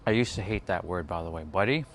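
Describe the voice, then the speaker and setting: Brief: casual male vlogger, low voice, loose and meandering, outdoors with faint ambient noise. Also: fast, fairly bright tone. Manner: loose and meandering, many "like" fillers. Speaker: spiritual vlogger. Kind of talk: rambling casual vlog. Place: outdoors on a hot day.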